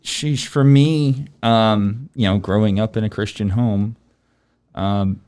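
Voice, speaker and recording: Thirties guy hosting a chat, lowish smooth voice, loose and rambly, lots of ums. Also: slow. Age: 30s. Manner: relaxed, rambling with many ums. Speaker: podcast host. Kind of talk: casual faith chat.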